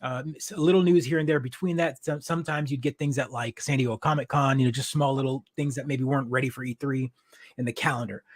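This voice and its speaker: A man's voice: medium pitch, fairly even intonation, fast talker. A middle-aged man hosting a casual podcast, rambling with many restarts and laughing easily. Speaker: podcast host. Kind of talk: casual chat.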